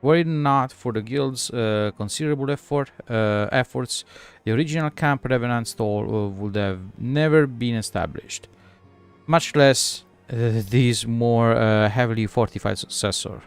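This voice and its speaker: A man's voice: medium pitch, moderate pace, smooth, soft background music, lightly acted. A man reading as a formal young scholar. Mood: earnest. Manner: stumbling formal reading aloud.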